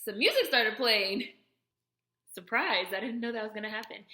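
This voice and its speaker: A woman vlogging casually as she unboxes a package, chatty and excitable, with lots of "like" fillers. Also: fairly high pitch, moderate pace. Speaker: YouTuber. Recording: echoey room.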